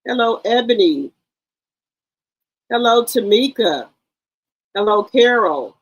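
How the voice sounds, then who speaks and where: A woman's voice: fairly high pitch, expressive, slow pace, breathy edge, rough recording. A woman hosting a casual livestream, chatting brashly with her viewers and swearing freely. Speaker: livestream commentary host.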